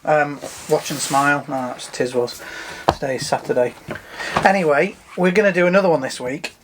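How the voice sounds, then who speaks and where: A man's voice: a little high, normal speed, background noise. A man co-hosting a casual chat show, easygoing and dry, wrapping up with sign-offs. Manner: easygoing, dry, fond of impressions. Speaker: co-host.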